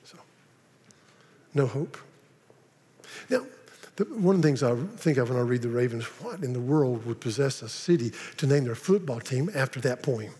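A man preaching a sermon, often repeating words and slowing down dramatically on key phrases. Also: medium pitch, animated, dark tone. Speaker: pastor. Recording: long reverb of a large hall.

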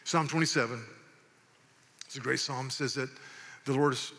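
Bright pastor preaching in a hall. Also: male voice, medium pitch, steady tone, normal speed. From American South. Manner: emphatic, folksy, repeats words when pressing a point. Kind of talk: sermon. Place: church sanctuary. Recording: long reverb of a church hall.

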